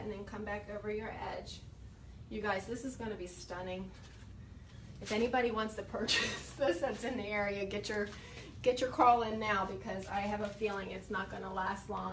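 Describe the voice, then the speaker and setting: A woman with a medium-pitched voice and slight background noise refinishes furniture while chatting to viewers through a phone camera. She's casual, enthusiastic, and a little out of breath as she paints in this how-to demonstration.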